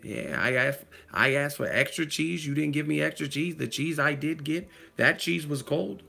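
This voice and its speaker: A man's voice: a little high, normal speed, vocal fry, bright, forceful tone, slightly rough, voice pushed up, heavily acted. A man putting on the voice of a famous actor who snaps at people in indignant, rhythmic rants. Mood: indignant yelling. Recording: music playing underneath.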